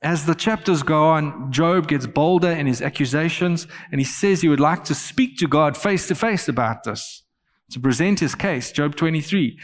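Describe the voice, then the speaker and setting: Man, pastor, earnest sermon, animated scripture quotes, slightly high voice, reverberant space. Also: normal speed.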